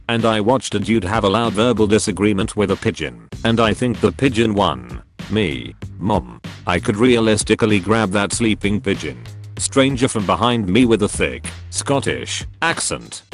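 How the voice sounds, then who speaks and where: A man with a lowish voice reads out a string of funny posts, his delivery bouncing up and down with animated intonation. Faint music plays underneath. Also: moderate pace. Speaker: narrator reading funny posts. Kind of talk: read-aloud comedic narration.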